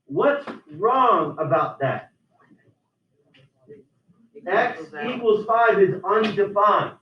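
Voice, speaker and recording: A man with a fairly high voice lectures his algebra class step by step. He often restarts his sentences. The sound is roomy and distant, as if he is recorded from across a classroom on a muffled, lo-fi mic. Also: expressive, very slow, slight background noise. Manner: explains step by step, with many restarts. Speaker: math teacher.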